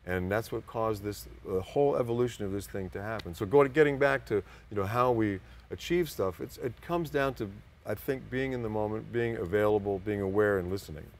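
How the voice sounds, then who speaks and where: A man's voice: fairly low pitch, a little fast, hardly any pauses. An older man being interviewed as a guest, telling long, rambling anecdotes and acting out other people's voices. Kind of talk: casual storytelling interview.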